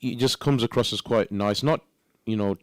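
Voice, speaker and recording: A man presenting on radio, measured in manner, reading out messages from listeners. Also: lowish voice, dry recording, clean studio sound. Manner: measured, reads out listener texts. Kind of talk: casual radio banter. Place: radio studio.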